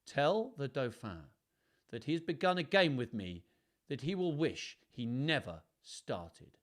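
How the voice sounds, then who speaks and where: A man's voice: mid-range voice, sing-song, measured pace. A man voicing a determined young king in a children's story, firm and commanding. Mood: threatening.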